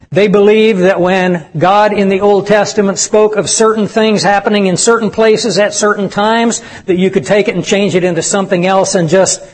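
A man preaching with a high, ringing voice that carries through a church hall, where a long echo trails after each phrase. He speaks with passion and acts out the people he quotes, swinging from loud to hushed. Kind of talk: sermon. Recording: reverberant hall.

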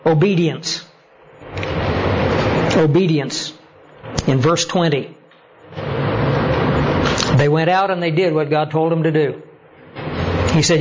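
A man preaching a sermon, telling stories and building to animated emphasis as he makes his points. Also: a little high, takes it slowly, long pauses. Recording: slightly dull lo-fi sound with faint noise.

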